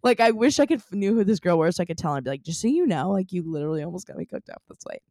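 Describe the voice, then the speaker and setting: A woman's voice: fairly low pitch, racing, gravelly, no echo, studio quality. A young adult woman co-hosting a podcast, telling a story in casual chat with many "like" fillers. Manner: animated storytelling, lots of "like" fillers. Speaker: podcast co-host.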